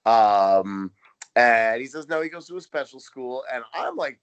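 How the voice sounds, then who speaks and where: A man's voice: mid-range voice, animated, a little slow, smooth, dry recording, lo-fi sound. A man co-hosting a podcast in casual chat, wry and laughing often as he retells scenes. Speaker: podcast co-host. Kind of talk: casual chat recapping a TV episode.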